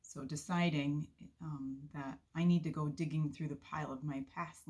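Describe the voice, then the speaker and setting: A woman giving an earnest, unhurried devotional talk with soft laughs, sharing a faith testimony from her volunteer work. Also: extremely low pitch, slightly rough.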